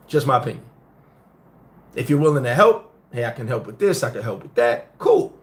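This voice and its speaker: A middle-aged man who grew up in the United States, hosting a casual live-stream chat and telling stories in a blunt, profane, animated way. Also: fairly high pitch. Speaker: host.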